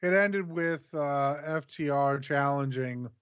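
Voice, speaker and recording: A man co-hosting a stream, recapping the events of a show in a steady, matter-of-fact way. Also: a little high, slow, clear, resonant tone, no room sound, highs cut off. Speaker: co-host recapping a wrestling show. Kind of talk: casual recap reading.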